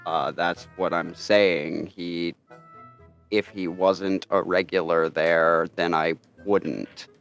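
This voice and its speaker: A man voicing a serious hermit character, slightly deeper and scratchier than his own voice. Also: steady tone, slow, creaky, a bit bright, soft background music, exaggerated voice. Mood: apologetic.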